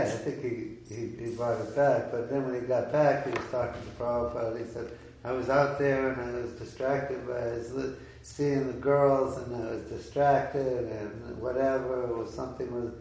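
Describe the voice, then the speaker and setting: A man telling a story informally at a devotional gathering, with many halting restarts and fillers. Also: mid-range voice, a little mellow. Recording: echoey room, far from the mic, dull sound.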